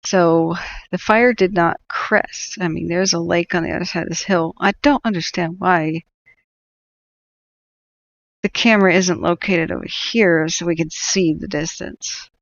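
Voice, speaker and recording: Sardonic woman with a gravelly voice. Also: fairly low pitch, fairly even intonation, unhurried, dull audio. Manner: sardonic, laughs often, rambling. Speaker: wildfire-tracking livestream host. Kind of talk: live stream commentary.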